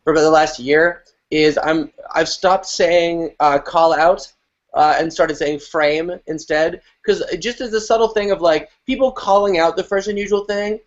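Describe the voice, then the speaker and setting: Higher-voiced man, lively and profane. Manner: animated, profane, quick asides. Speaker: improv teacher guest. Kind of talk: casual panel chat. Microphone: video call. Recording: lo-fi video call audio.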